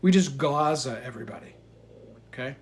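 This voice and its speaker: A man's voice: medium pitch, expressive, a little fast, a little mellow. A man hosting his own channel, reacting bluntly to a video clip, rambling with profanity. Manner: blunt, swearing, rambling asides. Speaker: commentary channel host.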